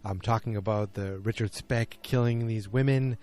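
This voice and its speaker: A man's voice: fairly low pitch, steady tone, moderate pace, darkish tone. A man hosting a podcast, recapping an episode in a casual, rambling way with lots of fillers and restarts. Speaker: podcast host.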